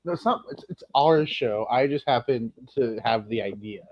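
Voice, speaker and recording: A man's voice: mid-range voice, moderate pace. Rambling male podcast host, lo-fi. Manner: rambling, self-correcting, laughs at himself. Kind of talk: casual podcast chat. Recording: dull lo-fi sound.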